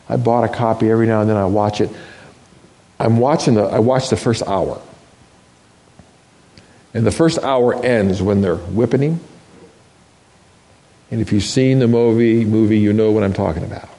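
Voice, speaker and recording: A man preaching a sermon, moving from loud, rising questions to hushed, almost whispered words. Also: medium pitch, vocal fry. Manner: dramatic, with wide swings from loud to hushed. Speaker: pastor.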